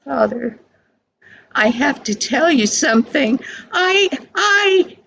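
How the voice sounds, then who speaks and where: A woman's voice: high-pitched, sing-song, takes it slowly, gravelly, fairly bright tone, lo-fi sound, a little hiss or hum, pitched above the performer's own voice, full character voice. An older woman voicing a remorseful young boy who pleads and stammers near tears. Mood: tearful.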